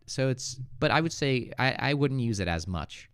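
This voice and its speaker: A man with an American accent teaches English live, his pitch rising and falling a lot as he reads viewers' questions and teases them. The close microphone gives a dry sound with almost no room in it. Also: moderate pace, few pauses, no echo. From Northeastern United States. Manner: relaxed, joking, reads viewer comments aloud and corrects them. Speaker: English teacher hosting a livestream. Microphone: good studio microphone.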